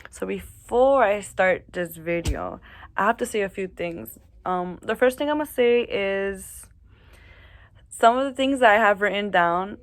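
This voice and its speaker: Woman vlogger, casual and jittery, mid-pitched, dry close sound. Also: a little slow, dry recording. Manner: chatty, nervous, with fillers and restarts. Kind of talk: casual chat to camera. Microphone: camera mic, reading notes off camera.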